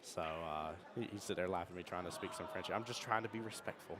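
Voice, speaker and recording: Over the sound of a crowd, a fast-talking man from the United States with a low-pitched voice rambles through live-stream commentary on a pool tournament in a chatty style.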